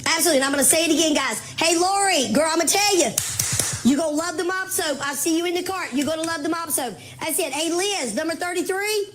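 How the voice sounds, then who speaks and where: Her voice very high and quick, a woman hosts a relaxed live-stream sale against a noisy background, addressing viewers as "mama" and "baby girl." She's been talking so much that she's going hoarse and losing her voice.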